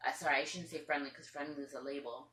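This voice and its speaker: A woman's voice: low-pitched, fairly even intonation, fast, a bit bright, roomy sound. A woman parrot owner telling a long story to the camera at home, chatty and rambling, sometimes acting out what others said. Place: room at home with pet birds.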